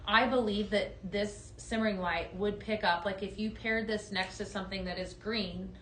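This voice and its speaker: A woman's voice: mid-range voice, fairly even intonation, normal speed, a bit bright, echoey room, slight background noise. A woman hosting a live home-decor sales stream, gushing over products in an upbeat way and talking straight to viewers. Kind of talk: live product demo chat.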